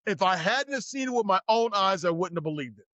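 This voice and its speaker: Male guest, high voice, lively storyteller doing voices, dry close sound. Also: quick pace, dry recording. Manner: acts out voices and shouts in his stories. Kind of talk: animated storytelling.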